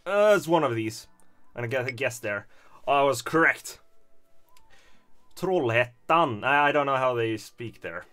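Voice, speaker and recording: A Swedish-accented man streams and chats, his pitch bouncing about while he talks at an unhurried pace. His voice sounds bright, and he rambles hesitantly, chuckling now and then. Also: expressive, faint music behind. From Stockholm, Sweden. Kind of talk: casual livestream commentary.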